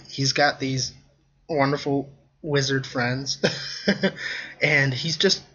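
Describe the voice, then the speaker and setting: A man's voice: medium pitch, pushed and bright, lo-fi sound. A man co-hosting a casual film review podcast, talking in a chatty, hesitant way with many ums and restarts. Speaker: podcast co-host.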